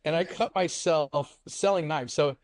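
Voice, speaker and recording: A man co-hosting a podcast, telling family stories in a lively, laughing way. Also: fairly high pitch, measured pace, no room sound. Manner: animated, laughing storyteller. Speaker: podcast co-host. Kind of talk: casual storytelling chat.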